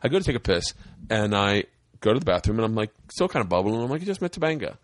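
A man's voice: on the low side, expressive, quick pace, dry recording. A young man and stand-up comic telling a wild story in casual, profane chat, acting out the voices. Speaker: podcast guest, stand-up comedian.

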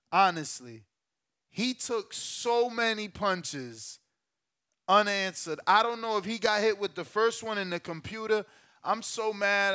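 A man hosting a live stream, reacting to a fight with loud, profane exclamations. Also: high voice. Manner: excitable, profane, shouts and exclaims.

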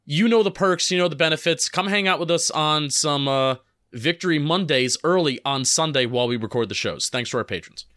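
A man co-hosts a casual sports podcast in a bright, forceful voice. He jokes and banters playfully. The sound is dry and close. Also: on the high side, a little fast, no room sound. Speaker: podcast co-host.

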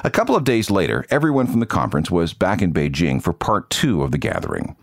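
A man's voice: low-pitched, very animated, quick pace, creaky, dry recording. A man hosting a podcast, telling music-industry stories in scripted narration with dry asides. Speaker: podcast host. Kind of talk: scripted radio-style narration.

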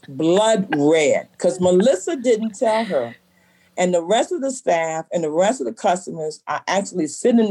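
Mellow-voiced woman telling a lively story. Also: mid-range voice, husky. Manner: animated storyteller acting out quoted voices. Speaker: bookstore owner. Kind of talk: storytelling in an interview.

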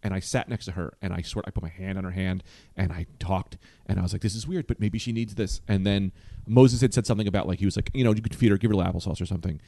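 A man's voice: sits low, gravelly, no echo. A man, a comedian guest, telling stories in a casual podcast chat and acting out the other people's voices. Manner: rapid, animated storyteller who acts out voices.

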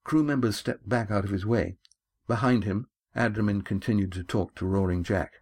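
A man reading his own adventure novel aloud in a measured, steady storytelling manner. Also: lowish voice, husky. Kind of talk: audiobook narration.

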